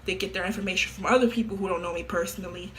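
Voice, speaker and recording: A woman's voice: lowish voice, very fast, slight background noise. A woman in her late teens talking casually to camera, blunt and offhand. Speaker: vlogger.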